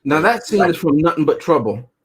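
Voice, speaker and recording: A man's voice: a little high, very animated, fairly quick, very noisy. A man co-hosting a casual movie review chat, joking and chuckling often as he talks.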